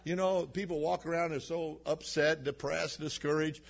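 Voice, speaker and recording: A male preacher's gravelly, slightly high voice carries a steady tone at normal speed as he gives a sermon in church. He draws on personal stories told in a humorous, folksy style for the congregation, heard through a dull lo-fi recording.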